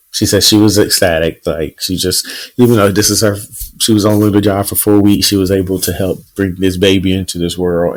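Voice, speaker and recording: A man co-hosting a podcast, telling a news story in relaxed casual chat with plenty of fillers. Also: low voice, low-quality recording. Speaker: podcast co-host.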